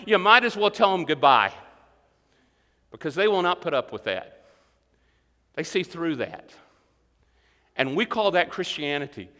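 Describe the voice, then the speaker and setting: A man's voice: high-pitched, sing-song, moderate pace, pauses often, bright, forceful tone, in a large hall. A man preaching a sermon as pastor, earnest and building to emphatic peaks, sometimes acting out the inner voices of his listeners.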